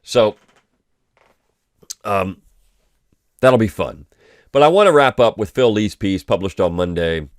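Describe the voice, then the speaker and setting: A man's voice: lowish voice, expressive, measured pace, pauses often, no echo, studio quality. A man hosting a weekly review show, talking through recent articles in a loose conversational way with many ums and restarts. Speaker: host of a weekly review podcast. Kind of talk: casual spoken commentary.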